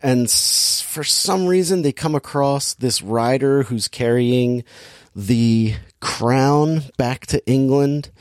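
A man's voice: mid-range voice, takes it slowly, no echo, clean studio sound. A man hosting a casual movie-review chat, talking in a sardonic, rambling, exasperated way.

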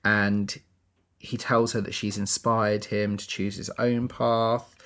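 A man's voice: fairly low pitch, flat delivery, slow pace, a bit bright. A man co-hosting a podcast, chatting casually as he recaps a musical, with lots of "you know" and "like". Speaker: podcast co-host.

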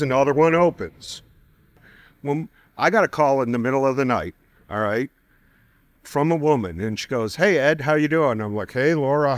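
A man's voice: medium pitch, dry recording. Man telling a story, dry recording. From United States. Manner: conversational, animated, acts out quoted voices. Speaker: guest storyteller. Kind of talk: personal testimony storytelling.

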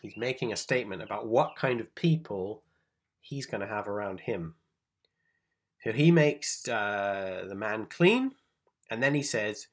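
A man's voice: on the low side, lively intonation, unhurried, husky. A man teaching on a Gospel passage in a conversational sermon style, explaining the background, checking in with his listeners and loosely paraphrasing the text. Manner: thinks aloud with restarts, paraphrases scripture informally. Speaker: Bible teacher.

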